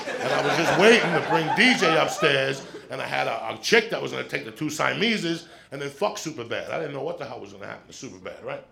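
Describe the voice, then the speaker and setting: A middle-aged man doing stand-up, telling a long story in a profane, animated way and checking in with the crowd with quick "right?" asides. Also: mid-range voice. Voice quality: gravelly. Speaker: stand-up comedian. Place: comedy stage with audience.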